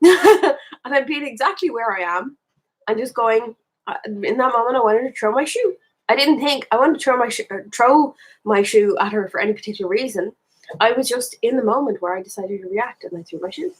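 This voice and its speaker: A woman's voice: a little high, a little fast, slightly rough, poor audio. An Irish woman talking candidly in a casual reflective monologue, rambling and thinking aloud as she goes. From Ireland. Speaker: spiritual vlogger.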